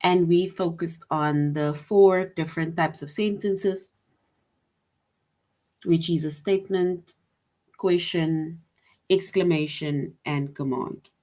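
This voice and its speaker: Woman teacher, low-pitched voice, slow and patient, repeats herself, keeps asking "right?". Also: warm tone. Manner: patient and repetitive, often adds "right?". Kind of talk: online grammar lesson for young children.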